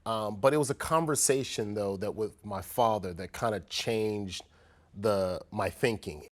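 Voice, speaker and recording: Low-voiced man telling a candid personal story. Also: measured pace. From South Central Los Angeles. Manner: earnest, reflective storytelling with many restarts. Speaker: former pro athlete in conversation.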